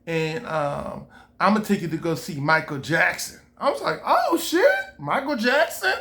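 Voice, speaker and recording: A man's voice: fairly high pitch, moderate pace, creaky. A man. He acts out both sides of the conversation with big swings of energy, swearing freely and laughing as he goes. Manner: animated, re-enacts dialogue, swears freely, laughs while telling. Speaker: storyteller. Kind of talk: casual storytelling to camera.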